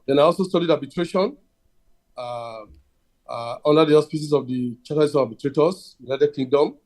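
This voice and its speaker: A Nigerian man introduces himself as a guest lawyer on a video call. He talks in a measured way, pausing and restarting often. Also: fairly high pitch, a little mellow.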